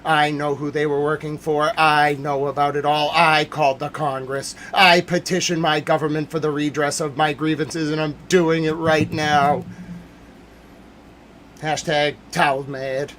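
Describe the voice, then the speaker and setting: Livestream host, male, fairly high voice, worn hoarse, loud repetitive rants. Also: flat delivery, a little slow, slight background noise. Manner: agitated, loud and repetitive, swings between yelling and muttering. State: hoarse from yelling. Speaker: livestream news commentary host. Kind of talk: ranting livestream commentary.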